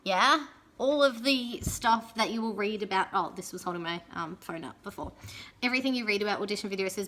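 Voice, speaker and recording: A young woman giving chatty, casual advice in a vlog, often checking in with "yeah?" and filling pauses with "um". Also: mid-range voice, pushed and bright. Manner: chatty, frequent "yeah?" tag questions and ums. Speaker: pole and aerial competition vlogger.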